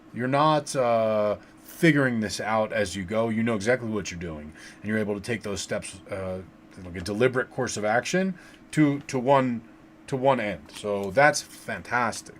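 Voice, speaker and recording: A man's voice: lowish voice, normal speed, a little hiss or hum. Chatty man hosting a livestream tarot reading. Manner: relaxed and chatty, with many fillers and repeated words.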